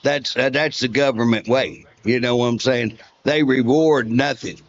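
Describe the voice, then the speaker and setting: A man's voice: medium pitch, steady tone, moderate pace, dull audio. A man, a state representative telling folksy stories in a casual interview and chuckling often.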